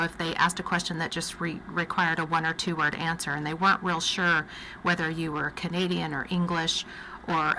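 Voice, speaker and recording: A woman's voice: on the low side, bright, forceful tone, a little hiss or hum, poor audio. A woman with a Texas accent, a guest on a radio talk show, telling a travel story in a chatty way. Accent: Texan.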